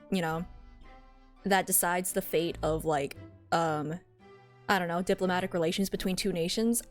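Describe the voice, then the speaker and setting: A woman streamer chatting casually in giggly, chatty asides while she voices a game. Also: medium pitch. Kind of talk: casual stream chat between read lines.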